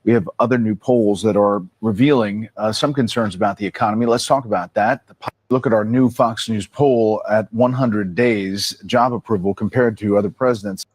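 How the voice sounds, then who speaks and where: A man presenting a television news segment with a brisk, measured delivery. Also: lowish voice, a little mellow, slightly rough, no room sound.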